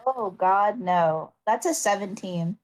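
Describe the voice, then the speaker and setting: A woman in a tabletop game session, talking casually with her group and dropping swear words as she rolls. Her voice sits at an ordinary middle pitch for a woman. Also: slow pace, rough recording. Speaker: player.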